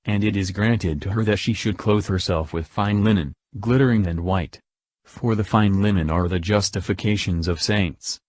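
A man reading Bible scripture aloud in a slow, measured recitation. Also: fairly low pitch, dry recording, studio quality. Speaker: scripture reader.

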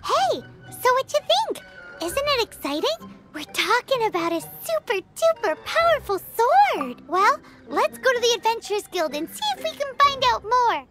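A woman voicing a tiny, excitable female companion in a game, who blurts things out and bounces between excitement and schemes. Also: extremely high pitch, normal speed. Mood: eager. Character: tiny chirpy female floating companion, greedy for treasure. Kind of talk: game dialogue. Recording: game audio with music behind.

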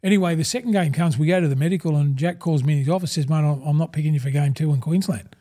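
A man's voice: on the high side, very fast, mellow. A man in his sixties with an Australian accent, a guest in a casual interview, telling rambling stories, acting out old conversations and calling the host "mate" at every turn. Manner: rambling, calls the host 'mate' constantly, acts out old conversations. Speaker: guest, former rugby league front rower.

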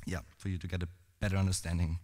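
A hoarse, cold-roughened man gives a loose, rambling conference talk, full of fillers and false starts. His voice sits fairly low. The sound rings with the long reverb of a cinema hall. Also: level tone, rapid-fire, heavy background noise. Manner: rambling, many fillers and restarts. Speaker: conference speaker.

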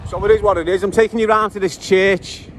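A man's voice: high-pitched, steady tone, quick pace. A man with a Liverpool accent giving a casual city tour on his bike, chatty and swearing freely as he talks straight to his viewers. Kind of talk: casual walking-tour vlog. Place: outdoors in a city centre. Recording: loud street noise outdoors.

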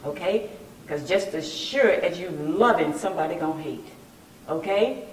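A woman host delivers a preachy, coaching talk on faith and health, now and then getting loud to drive a point home. Her voice sits fairly low and sounds far from the mic. The room echoes, with a faint noise floor underneath. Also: unhurried. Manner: preachy, coaching, bursts of loud emphasis and brief singing.

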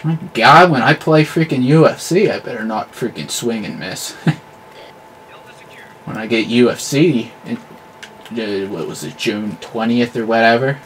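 A man giving live commentary over his own gameplay, excitable and yelling at the game, with clean substitute swears. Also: medium pitch, a little slow, slight background noise. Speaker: gamer.

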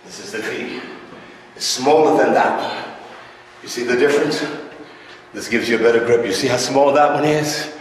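A man's voice: mid-range voice, moderate pace, pauses often, slight background noise. A middle-aged man preaching on the side while he shows a gym machine, speaking plainly to the viewer and checking in with them again and again. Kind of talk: casual demonstration talk to camera. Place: indoor home gym room. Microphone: distant camera mic. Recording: echoey room, voice far from the mic.

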